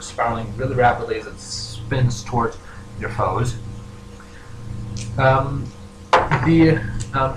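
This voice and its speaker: A man narrating as game master, hesitant and full of fillers. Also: medium pitch. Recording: echoey room with noise, poor audio.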